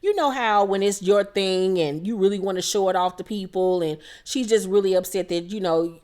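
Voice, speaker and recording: A woman's voice: medium pitch, darkish tone. Blunt, profane woman recapping reality TV. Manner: blunt, profane, quotes cast members in quick impressions. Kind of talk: casual recap commentary.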